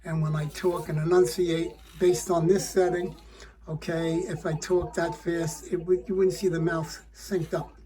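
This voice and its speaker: Male puppeteer, casual how-to talk, halting and rambling delivery. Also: a little high, level tone, dark tone. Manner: rambling, many fillers and restarts.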